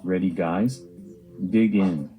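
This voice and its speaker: A man's voice: deep voice, slow pace, dark tone, soft background music. A man voicing Miss Kitty, an upbeat female cartoon cat, speaking in a plain, earnest way.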